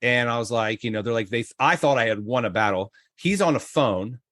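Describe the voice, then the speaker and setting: A man's voice: a little fast, fairly bright tone, no room sound. Guy from florida telling a wild story on a podcast, acts out the voices, dry close mic. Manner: acts out quoted voices, jumping high in pitch. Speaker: podcast guest. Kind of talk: animated storytelling.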